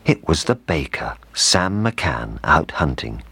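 A man reading a children's storybook aloud with expressive, lively intonation. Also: rumbling low, takes it slowly, breathy edge.

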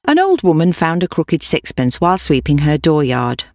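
A woman reading a children's folk tale aloud in a clear, lilting storytelling manner. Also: sits low, sing-song, normal speed, darkish tone.

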